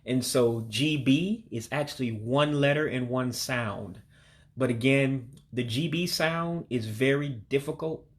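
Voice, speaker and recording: A man whose first language is English, teaching vocabulary in a casual online lesson, patient and repeating words slowly with small restarts. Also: medium pitch.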